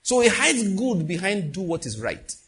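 Guy preaching, husky voice, swings way up and down, kinda high. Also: normal speed. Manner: animated preaching with call-outs and acted quotes. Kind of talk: sermon.

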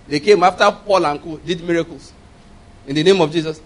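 A man's voice: a little high, brisk, fairly bright tone. A man preaching a sermon, firing rhetorical questions at the congregation and repeating key phrases for emphasis.

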